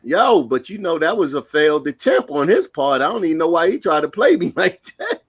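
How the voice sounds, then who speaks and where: Middle-aged NY man, easygoing storyteller, voice on the higher side. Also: very animated, fairly quick, slightly rough. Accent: New York. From New York. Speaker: podcast co-host. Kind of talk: casual storytelling.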